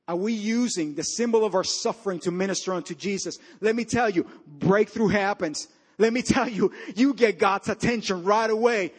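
High-voiced man preaching a sermon. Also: slightly rough. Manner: storytelling preacher, swings from loud emphatic to low quiet. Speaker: pastor.

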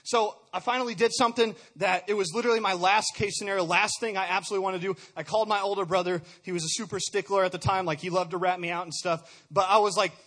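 A man's voice: high-pitched, fairly even intonation, quick pace, few pauses, a bit bright. A young man giving an earnest personal testimony, often stumbling over repeated words. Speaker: speaker sharing a testimony.

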